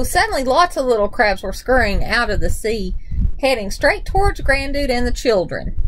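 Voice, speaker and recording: A woman reads a children's picture book aloud with animated storytelling, her high voice swooping across a very wide, expressive range at normal speed. The recording is low quality, with slight background noise.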